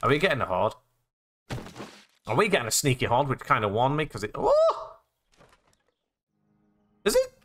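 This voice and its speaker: A man's voice: mid-range voice, big pitch swings, quick pace, pauses often, a bit bright, a little hiss or hum. A young British man giving goofy, profane gameplay commentary, narrating his own actions as he plays and breaking into sudden squeals. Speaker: let's play gamer.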